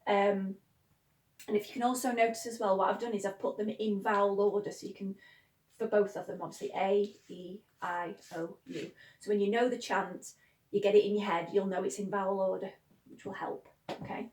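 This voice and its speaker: A woman's voice: mid-range voice, little pitch movement, normal speed, a little mellow, far from the mic. A woman teaching pronunciation in a chatty way, leading the class in repeated sing-song chants. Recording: echoey room.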